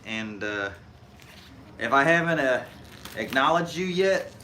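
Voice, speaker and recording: A man's voice: mid-range voice, expressive, takes it slowly, sharp tone, slight background noise. A middle-aged man with a Hoosier accent from Indiana, chatting casually on his live stream while he works, folksy and rambling with frequent chuckles. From Indiana, USA.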